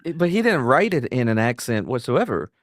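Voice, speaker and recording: A man's voice: medium pitch, a little fast, no room sound, studio quality. A man on a podcast panel, telling stories with lots of asides. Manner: lively storyteller, lots of fillers and asides. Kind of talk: casual chat.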